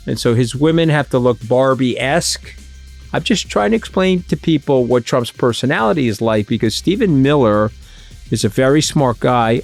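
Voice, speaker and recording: A man bluntly rambling through opinions in an interview clip. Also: medium pitch.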